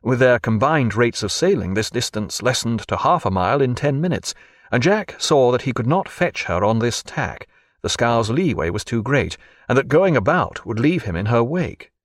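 A man reading a historical sea novel aloud as narrator, with an expressive storytelling delivery. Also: medium pitch, normal speed, no echo, studio quality. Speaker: audiobook narrator. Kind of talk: scripted narration.

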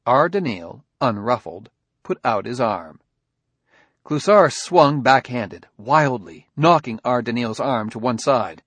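A man's voice: mid-range voice, lively intonation, takes it slowly, fairly bright tone, husky, no echo. Male audiobook narrator, dry and close. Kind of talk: scripted narration.

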